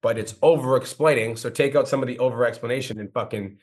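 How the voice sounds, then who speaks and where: A man coaching a guest with blunt, profane, rapid-fire critique. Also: medium pitch, darkish tone.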